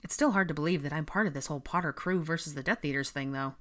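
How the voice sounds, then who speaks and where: A woman's voice: deep voice, fast talker, lightly acted. A woman voicing an easygoing joking young man.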